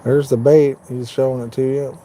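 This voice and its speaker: A man from Indiana, United States, chats easygoingly with viewers by name during a fishing live stream from inside his truck, parked at night. His mellow mid-range voice shows little pitch movement and keeps a normal speed, and there's a little hiss or hum. His manner is folksy.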